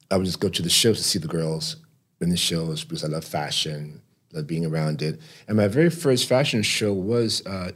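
A man guest on an interview podcast, telling animated stories and acting out the voices of others. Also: deep voice, breathy edge. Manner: animated, acts out every voice in his stories. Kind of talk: storytelling in conversation. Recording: podcast studio mic.

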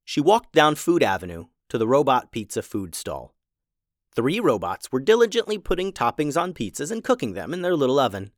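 A man narrating a children's story in an expressive, playful way. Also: medium pitch, fairly quick, no room sound, studio quality.

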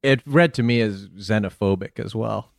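A man hosting a comedy podcast, delivering bits in a deadpan, mock-serious tone. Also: lowish voice, moderate pace, vocal fry, dry recording, studio quality. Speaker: podcast host.

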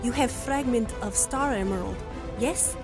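A woman's voice: a little high, a little slow, over loud music. A woman voicing a brash female space crew member with broken English. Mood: breathless.

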